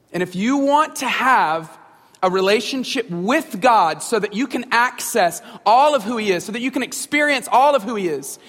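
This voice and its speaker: An earnest male preacher in his thirties with a notably high voice, talking to his congregation in a warm, conversational way and stacking up questions. His voice rings out with a long reverb, as if spoken in a church sanctuary. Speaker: pastor. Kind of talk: sermon.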